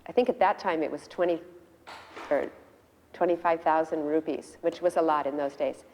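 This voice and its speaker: Older woman, lowish mellow voice, chatty storyteller acting out quotes, long room reverb. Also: fairly even intonation, normal speed, slight background noise. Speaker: devotee sharing memories. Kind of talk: recounting a personal memory.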